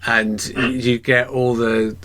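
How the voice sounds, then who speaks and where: A man's voice: medium pitch, flat delivery, takes it slowly, sharp tone. A man hosting a podcast interview, chatting casually and telling rambling stories with many restarts. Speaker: podcast host.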